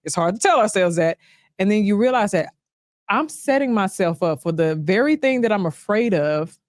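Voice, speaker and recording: A woman's voice: medium pitch, expressive, moderate pace, no echo, clean studio sound. A woman speaking as a dating coach, explaining patiently in a casual interview and laughing often.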